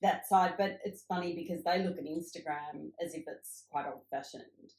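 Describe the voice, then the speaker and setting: Low-voiced woman, echoey room. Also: steady tone, normal speed, darkish tone. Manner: reflective storytelling, upbeat. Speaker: cosmetics founder, guest. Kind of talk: casual interview conversation.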